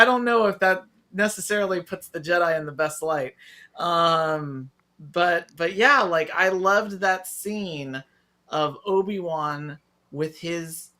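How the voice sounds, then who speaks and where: Male podcast co-host, bright and forward tone, excitable and animated delivery. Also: on the high side. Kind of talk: casual review chat.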